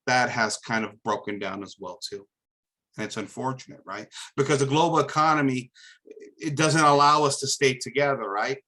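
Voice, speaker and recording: A man's voice: medium pitch, bright, forceful tone, poor audio. A man from America hosting a live commentary monologue, emphatic and preachy, often tossing in "right?". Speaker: host.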